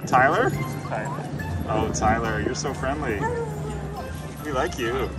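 A man's voice: medium pitch, takes it slowly, long pauses, over loud music. A man filming at an outdoor dog park, narrating casually and talking in playful baby talk to the dogs.

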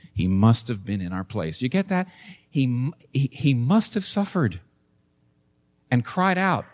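A man in his sixties preaches to his congregation in an earnest, reasoning way. His voice sits at an ordinary middle pitch, and he drives key points home through insistent repetition. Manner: earnest, building to emphatic repetition. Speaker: pastor. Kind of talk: sermon.

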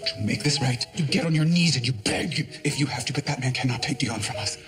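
An actress playing a haughty, sharp-tongued wealthy lady of the house in a TV drama, with a music score behind her. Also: rumbling low, a little fast. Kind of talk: TV drama acting.

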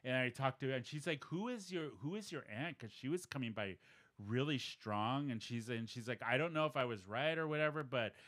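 A man's voice: medium pitch, a little fast, fairly bright tone. A man co-hosting a podcast, animatedly retelling a story and acting out the quoted dialogue in a casual chat. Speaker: podcast co-host.

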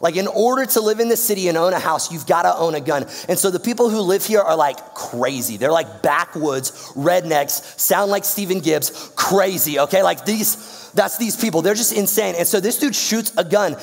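A man's voice: sits high, moderate pace, gravelly, in a large hall, soft background music. A young man from Georgia, telling a slangy, playful story to a youth audience. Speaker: youth speaker.

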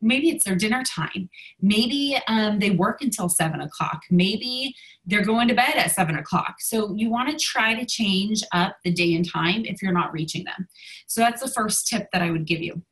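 A woman's voice: medium pitch, expressive, normal speed, a bit bright, poor audio. A woman coaching her sales team in a casual video, a little out of breath and talking with many ums and restarts.

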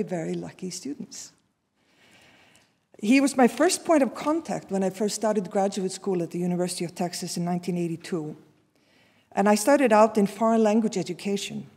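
Husky woman from Iceland introducing a speaker. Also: mid-range voice. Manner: warm, personal, with frequent restarts and fillers. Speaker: seminar speaker introducing the guest. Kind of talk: formal introduction speech. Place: lecture hall. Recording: long hall reverb.

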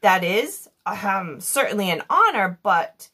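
A woman's voice: medium pitch, sing-song, a little slow, sharp tone, breathy edge, heavily acted. A woman voicing a formal, solemn male genie who talks in old-fashioned phrases, in a read-aloud children's story.

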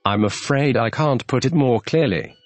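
A man's voice: mid-range voice, normal speed, dry recording, soft background music, lightly acted. A man voicing a polite, earnest young girl who is puzzled.

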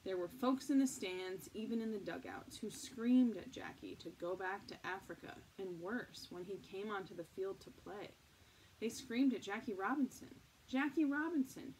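A woman's voice: medium pitch, natural voice. A woman voicing a spirited young boy with a folksy drawl who tells a story earnestly and with emphasis. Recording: distant mic, faint noise.

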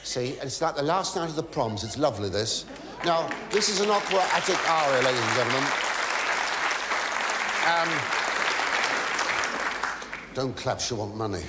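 A man's voice: mid-range voice, animated, normal speed, long pauses, roomy sound, a loud crowd, heavy background noise. A male comedian telling a story on stage, stammering and muttering gossipy asides, then breaking into sudden shrieks and mock pleas to the audience. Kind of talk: stand-up storytelling to a live audience. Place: theatre stage. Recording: live theatre recording with audience laughter. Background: audience laughing.

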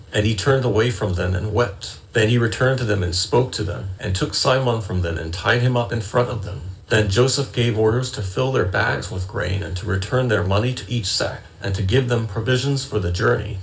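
Low gravelly man reading scripture. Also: rough recording. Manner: steady measured reading, then tentative musing in discussion. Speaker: Bible study participant reading scripture. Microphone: online voice call.

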